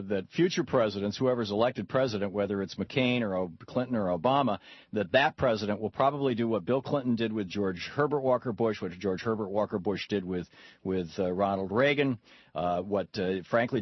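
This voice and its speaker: A male talk radio host with a husky, somewhat low voice that rambles through his stories, restarting his sentences as he goes. The sound is dry and a little dull, with no room around it. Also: no room sound. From Michigan, USA. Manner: rambling, storytelling with frequent restarts.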